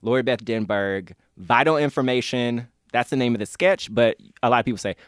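A man's voice: medium pitch, fairly quick, no room sound. Enthusiastic man in a dry room. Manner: enthusiastic, laughs often, rambling. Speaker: guest, comedy fan. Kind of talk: casual interview chat.

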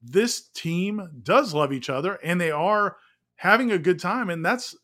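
A man co-hosting sports talk radio, explaining his points in a measured, conversational way. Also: high-pitched, lively intonation, a bit bright. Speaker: sports radio co-host and writer.

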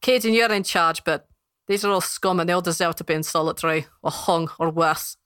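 A woman voicing a gruff bald male dwarf guard who scorns the prisoners. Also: lowish voice, fairly even intonation, a little fast, a bit bright, no echo, studio quality, natural voice. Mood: contemptuous. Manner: scornful, blunt.

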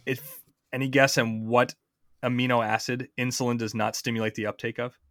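A man's voice: mid-range voice, flat delivery, fairly quick, a bit bright, dry recording, clean studio sound. A man hosting a podcast, explaining science in a chatty way, quizzing his co-host and often restarting his sentences.

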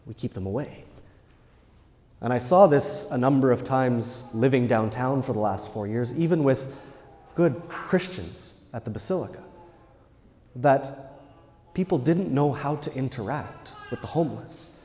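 A man, a Catholic priest, giving a Sunday homily in an earnest, measured way with emphatic pauses. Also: medium pitch, mellow. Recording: long church reverb.

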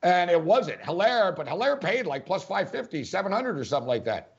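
A man with a rather high voice argues sports points emphatically, hammering them home by repetition in casual talk. The sound is muffled and lo-fi, as from a remote hookup. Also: sing-song, fairly quick. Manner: emphatic, repeats points for stress. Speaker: sports podcast co-host.

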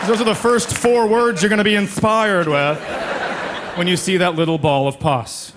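A man's voice: sits high, fairly even intonation, moderate pace. A man in his thirties doing a sarcastic stand-up comedy set on a club stage, jumping into mocking voices. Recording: live club recording with crowd laughter and noise.

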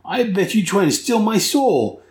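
A man's voice: high voice, big pitch swings, measured pace, a little mellow, roomy sound, voice pushed up. A man voicing a manic, gleeful male clown fighter in a squealing, cartoonish way.

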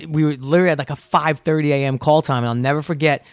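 A man's voice: fairly high pitch, fairly even intonation, racing, clear, resonant tone, no echo, clean studio sound. A young man, an actor guest, telling stories in a laid-back, wry way. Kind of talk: casual chat.

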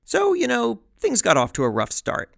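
A man hosting a scripted podcast, narrating with a lively, wry, chatty delivery. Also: very high-pitched, normal speed, gravelly, no room sound, studio quality. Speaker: podcast host.

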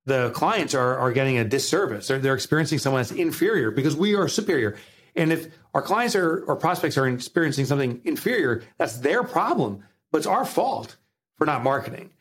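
A man's voice: mid-range voice, brisk, breathy edge. A man with a New Jersey accent, a guest author talking emphatically in a podcast interview. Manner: emphatic, animated, motivational.

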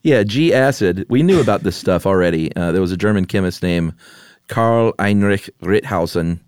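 A man co-hosting a podcast in casual chat, laid-back and quick to laugh. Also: low-pitched, a little mellow, no room sound, studio quality. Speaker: podcast co-host.

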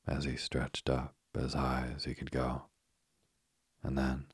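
A man reading a children's storybook aloud as narrator, calm and unhurried. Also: rumbling low, breathy edge, no room sound, clean studio sound.

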